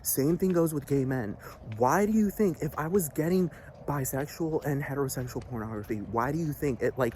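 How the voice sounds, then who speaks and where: Over a little hiss or hum, a male vlogger rants heatedly, swearing, repeating himself, and asking "do you understand" again and again. He's agitated, and his medium-pitched voice is a little mellow.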